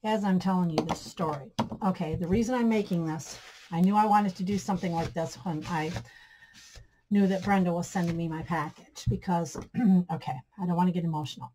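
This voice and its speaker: A woman talks viewers through a DIY craft project in a slightly low voice. She is chatty, keeps calling her audience guys and friends, and gushes over how pretty everything turns out. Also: normal speed, warm tone, a little hiss or hum, rough recording. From Michigan, USA. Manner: gushing about her projects. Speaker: craft channel host.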